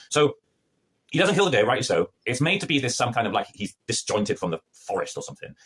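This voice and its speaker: Brief: male reviewer, rapid-fire and sarcastic, very lively pitch, casual vlog review. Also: husky. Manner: sarcastic, animated, acts out scenes in mocking voices. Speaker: TV review vlogger.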